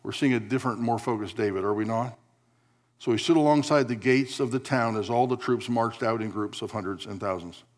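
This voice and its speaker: A man's voice: medium pitch, fairly quick. A man preaching a sermon, telling a story with wry asides and acting out the lines of the figures in it. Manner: storytelling preacher, acts out quotes, wry humor. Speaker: pastor.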